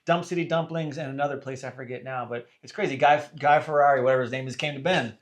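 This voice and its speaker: A man's voice: medium pitch, fairly even intonation, fast talker. A man hosting a podcast interview, asking friendly questions and cracking dry jokes. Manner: jokey, friendly questions, says dude and man. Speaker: podcast host.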